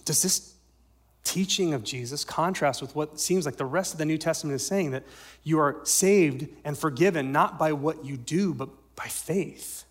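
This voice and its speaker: A male pastor giving a sermon, swinging from loud emphatic lines to soft near-whispers and asking the congregation questions. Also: a little high, moderate pace. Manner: asks the congregation rhetorical questions.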